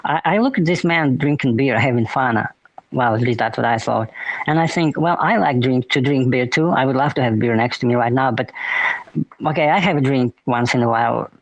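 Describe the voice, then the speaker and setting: A man's voice: mid-range voice, brisk, no room sound, lo-fi sound. A man co-hosting a podcast, bantering casually and musing in a philosophical way. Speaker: podcast co-host. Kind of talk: casual chat.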